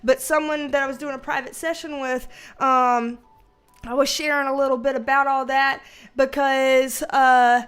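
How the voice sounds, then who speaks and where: A woman's voice: high-pitched, level tone, normal speed, fairly bright tone, faint music behind. A woman hosting a casual livestream, greeting viewers by name and laughing often. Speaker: livestream host and tarot reader.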